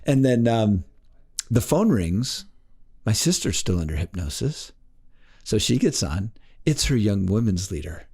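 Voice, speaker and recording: Animated man telling stories, lively pitch. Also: a little slow, pauses often, husky. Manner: animated, acts out quoted voices with big pitch jumps. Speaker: guest, life coach. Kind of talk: storytelling in a podcast interview.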